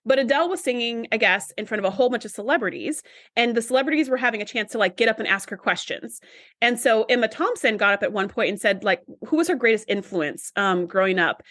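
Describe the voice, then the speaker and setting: Woman podcast co-host, higher pitch, dry close mic, chatty storyteller with playful quotes. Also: fast talker, fairly bright tone, no room sound. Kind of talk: casual podcast chat and storytelling.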